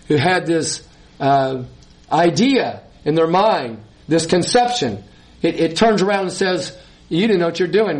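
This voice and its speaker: A man's voice: a little high, a little mellow. Emphatic man preaching a sermon. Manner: emphatic, laughs between points, repeats words.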